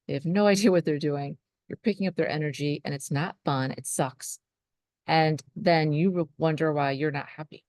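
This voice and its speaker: A woman's voice: low voice, moderate pace, darkish tone, no room sound, studio quality. A woman, a spiritual life coach, talking earnestly to her viewers about trust and surrender. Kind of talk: motivational talk to camera.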